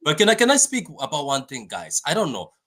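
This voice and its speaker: A man hosting a fan live stream, chatting excitably about a match and reading viewer comments aloud with lots of repetition. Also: a little high, a little fast. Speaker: fan channel host.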